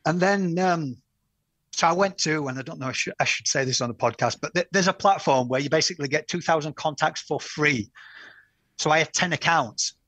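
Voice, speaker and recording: A man's voice: fairly high pitch, fairly quick, fairly bright tone, no echo. A middle-aged man, a podcast guest, telling his story in an enthusiastic, rambling way. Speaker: podcast guest, campaign founder. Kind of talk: casual interview chat.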